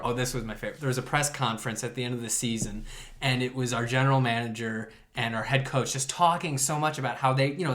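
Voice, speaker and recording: A man's voice: mid-range voice, a bit bright. A man co-hosting a casual podcast, ranting sarcastically and laughing often. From Chicago area. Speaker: podcast co-host. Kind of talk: casual chat.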